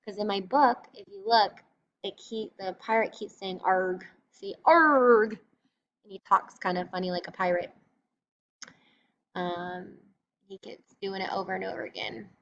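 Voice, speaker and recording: Speaking at a normal pace in a mid-range, level, fairly bright voice, a woman teaches a recorded reading lesson. She encourages her listeners and patiently goes step by step. The audio is lo-fi and slightly dull with faint noise.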